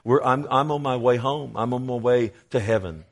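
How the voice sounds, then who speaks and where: A male preacher delivering a verse-by-verse sermon. He speaks straight to his listeners, and his voice swells into loud, emphatic exhortation. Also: medium pitch, normal speed. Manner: addresses listeners directly. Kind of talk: expository sermon.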